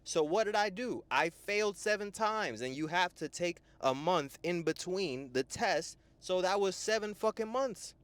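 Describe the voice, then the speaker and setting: A young man and life coach giving a profane, lively motivational monologue, often tagging "right?". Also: sits high, measured pace, hardly any pauses, smooth, dry recording. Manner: animated, profane, full of "right?" tags.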